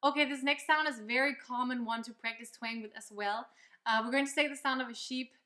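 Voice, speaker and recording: A woman's voice: high voice, steady tone, brisk, bright, forceful tone. A woman teaching a singing lesson, explaining step by step in an upbeat, encouraging way. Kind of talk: vocal lesson with demonstrations. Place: loud location, not a quiet studio.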